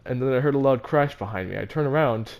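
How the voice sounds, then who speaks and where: A man's voice: medium pitch, fast talker, creaky, a little mellow. A teenage boy telling a story about his school in a casual, rambling, self-mocking way, with many fillers and restarts. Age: teens. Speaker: vlogger.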